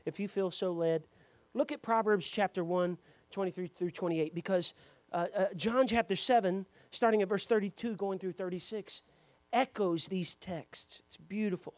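A man preaching a sermon to a congregation in church, moving from quiet explanation to loud, fervent preaching and calling out members by name. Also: high-pitched, moderate pace, dry recording.

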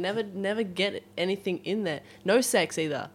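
A woman's voice: medium pitch, moderate pace, slightly rough. A woman in casual podcast chat, frank and joking, laughing often.

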